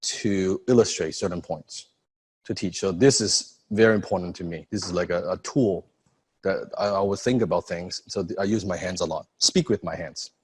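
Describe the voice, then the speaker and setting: A man coaching on public speaking in casual chat, animated and profane, acting out examples as he talks. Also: low voice, normal speed, slightly rough. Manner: animated, profane, demonstrates with acted asides.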